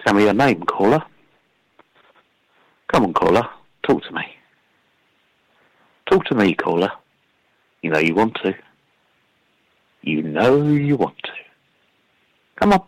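A man voicing a sultry late-night radio host who keeps dropping his voice lower to coax callers. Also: big pitch swings, slow, long pauses, no echo, full character voice, poor audio. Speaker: comedy radio presenter.

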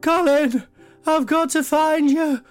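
A woman's voice: fairly even intonation, slow pace, soft background music. A man voicing his seventy-nine-year-old mother, frantic and shrieking as she calls after him. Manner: shrill, high calling.

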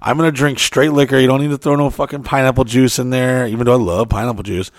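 A man's voice: medium pitch, steady tone, quick pace, no echo, clean studio sound. A young man in casual chat, telling crude stories in a rambling, loose way.

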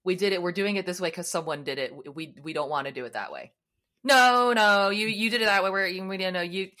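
A woman's voice: lowish voice, quick pace. An American woman hosting a podcast, chatting casually over a video call and laughing often. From United States. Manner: laughs often, animated and playful. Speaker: podcast host. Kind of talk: casual chat. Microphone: webcam on a video call.

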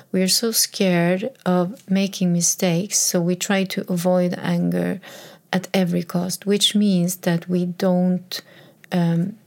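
A woman's voice: on the low side, vocal fry, a little mellow. A woman in her fifties talking candidly about her own life, earnest, often repeating and restarting phrases. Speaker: mother sharing personal reflections. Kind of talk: candid personal storytelling.

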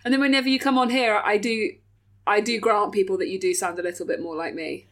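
A young woman co-hosting a podcast in casual chat, animated and rambling, swearing casually. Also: medium pitch, fast. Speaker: podcast co-host.

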